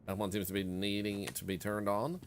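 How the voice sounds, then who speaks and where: A man's voice: on the low side, flat delivery, a little fast, slight background noise. A man streaming a video game in casual commentary, chatting and reading the game's text aloud as he plays. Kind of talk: casual let's-play commentary.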